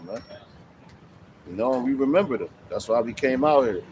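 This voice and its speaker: A man's voice: medium pitch, animated, normal speed, pauses often. A man street preaching in loose, slangy talk, cursing as he explains scripture outdoors. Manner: slangy, swearing, loose and conversational. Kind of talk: street preaching with casual commentary. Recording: noisy street with traffic. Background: traffic noise.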